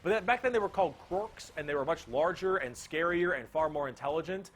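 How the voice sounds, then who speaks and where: Excitable joking man with a higher voice. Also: a little fast. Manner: energetic, joking, swears freely. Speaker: explainer video narrator. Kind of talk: casual comedic explainer.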